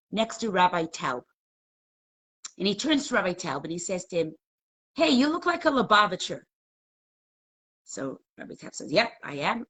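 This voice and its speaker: Middle-aged woman teacher, husky voice, lively pitch, emotional, asks her online viewers questions. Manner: emotional, questioning the audience, storytelling. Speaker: Torah class teacher. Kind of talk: live online class talk.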